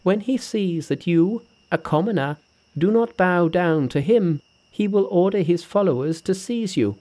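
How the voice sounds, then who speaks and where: A man's voice: sits high, lively intonation, measured pace, darkish tone. A man reading an audiobook who voices a boastful, cocky male monkey hero in a brash, confident manner. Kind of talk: audiobook character voice.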